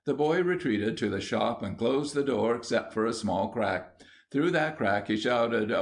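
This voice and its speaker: A man reading a children's audiobook aloud in a steady, measured narration. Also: mid-range voice. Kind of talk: scripted storybook narration.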